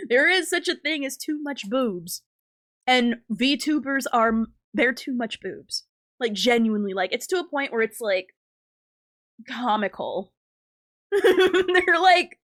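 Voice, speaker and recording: A woman's voice: a little high, fairly bright tone. Giggly, crude young woman streamer. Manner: giggly, crude, rambling banter. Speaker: livestreamer. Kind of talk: casual live-stream chat.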